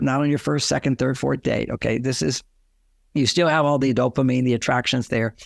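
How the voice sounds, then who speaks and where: A man's voice: a little high, vocal fry, dry recording, clean studio sound. An older man, a relationship author, giving advice in an interview and acting out the lines couples say. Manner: explanatory, acts out quoted lines.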